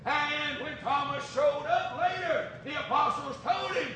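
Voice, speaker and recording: Male preacher, high voice, fervent sermon, distant echoey noisy recording. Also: expressive, a little slow, few pauses. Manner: fervent, building to shouted preaching. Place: church. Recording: echoey distant room mic with noise.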